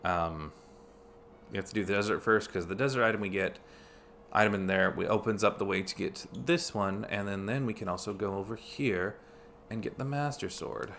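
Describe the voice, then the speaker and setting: Male game streamer, low gravelly voice, loose rambling commentary. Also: moderate pace, a bit bright, a little hiss or hum. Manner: chatty, thinks aloud with fillers and restarts. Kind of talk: casual let's-play commentary.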